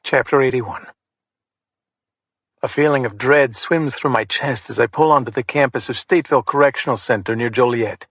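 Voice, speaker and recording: A man reads a crime thriller audiobook in the first person, with a measured, hard-boiled delivery. His voice sits at a middle pitch. The recording is dry and close. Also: fairly bright tone, no echo. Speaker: audiobook narrator.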